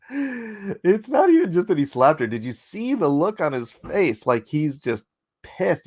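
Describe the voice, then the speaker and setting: A slightly hoarse man hosts a casual livestream from a home setup, chuckling as he reads viewers' comments aloud. He talks at an unhurried pace, and his pitch moves up and down in a lively way. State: hoarse after coughing. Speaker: livestream host.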